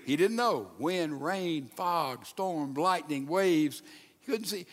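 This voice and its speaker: A pastor with a high voice gives an animated sermon at a measured pace in a church sanctuary. He dramatizes quoted lines, occasionally goes hushed, and the big room adds a long reverb.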